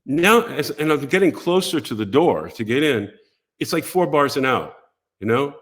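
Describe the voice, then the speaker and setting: An older man, a guest on a talk show, telling a story with animated storytelling and acting out the voices of the people in it. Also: medium pitch, moderate pace. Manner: lively, acts out voices and quotes in his stories.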